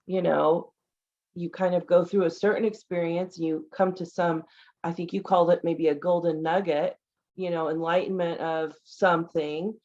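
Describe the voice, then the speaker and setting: A woman's voice: on the low side, steady tone, normal speed, a little mellow, lo-fi sound. A woman hosting a podcast interview, responding with easy agreement and light laughter. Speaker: podcast host.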